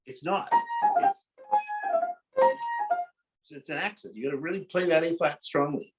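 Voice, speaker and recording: A man's voice: on the high side, unhurried, low-quality recording. A man coaching a piano student in a lesson, blunt and corrective, often stopping the student to explain dynamics. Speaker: piano teacher in a masterclass. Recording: loud piano playing behind the voice.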